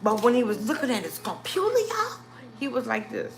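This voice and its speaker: A woman's voice: a little high, fairly quick, a little hiss or hum. A woman, hosting a live stream and telling her viewers a story, acting out what people said and calling the viewers y'all. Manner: animated, addresses viewers as y'all, acts out quotes.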